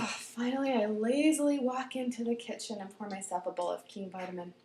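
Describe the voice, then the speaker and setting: A woman telling a personal story aloud in an animated way, dropping to whispers and rising to loud outbursts. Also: a little high, brisk, hardly any pauses, roomy sound.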